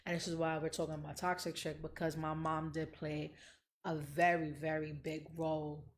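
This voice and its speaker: Brief: young woman host, lowish voice, blunt and profane, candid emotional chat. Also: level tone, moderate pace, slight background noise. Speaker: podcast host.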